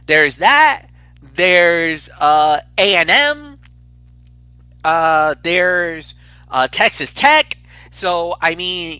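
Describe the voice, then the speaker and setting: A man co-hosting a casual football picks show, talking in an excitable, rambling way with frequent restarts. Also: a little high, extremely slow, clear, resonant tone, dry recording, soft background music. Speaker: co-host picking games. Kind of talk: casual sports picks chat.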